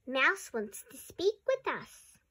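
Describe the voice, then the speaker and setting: Give me a gentle, coaxing daddy bear, read by a woman. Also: sits high, sing-song, slow, full character voice. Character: patient, weary adult male bear father.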